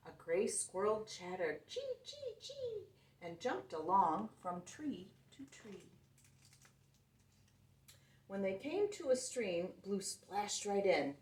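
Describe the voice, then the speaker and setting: A woman reads a picture book aloud for children, slow and sing-song, her pitch swooping up and down. She sounds a little distant, in a roomy space. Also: expressive, a little mellow. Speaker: children's storyteller.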